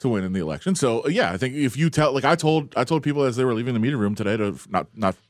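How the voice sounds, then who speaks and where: A man's voice: medium pitch, expressive, very fast, dry recording, clean studio sound. A man who works as a sports reporter, chatting casually on a talk show with rambling restarts and frequent laughs.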